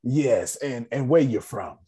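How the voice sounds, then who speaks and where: With an unhurried pace and a breathy edge to his mid-range voice, a man leads a laid-back personal finance class on a video call. He's slangy and animated, addressing his group directly.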